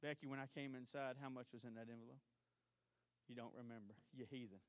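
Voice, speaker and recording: A male pastor with a Southern US accent preaching a sermon, swinging between shouted exhortation and quiet storytelling. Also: medium pitch, fairly even intonation, fast talker, no room sound. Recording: archived church service.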